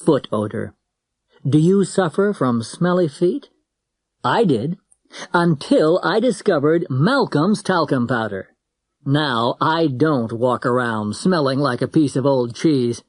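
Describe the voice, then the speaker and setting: A man playing an earnest, confiding pitchman in a scripted advert. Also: animated, takes it slowly, no echo, clean studio sound. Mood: mock-serious. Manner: mock-serious, confiding. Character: earnest man confessing a personal problem.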